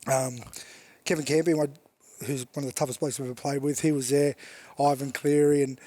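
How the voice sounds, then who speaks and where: A man's voice: mid-range voice, level tone, brisk, dark tone. A middle-aged Australian man, a guest on a chat show, telling stories and laughing often as he swears his way through them. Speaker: podcast guest, former rugby league player. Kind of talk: casual chat, storytelling.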